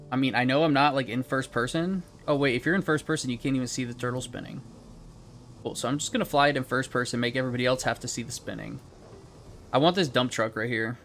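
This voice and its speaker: A man's voice: medium pitch, fairly bright tone, a little hiss or hum. A young man streaming a game, chatting casually with friends and chat in a rambling, profane, laid-back way.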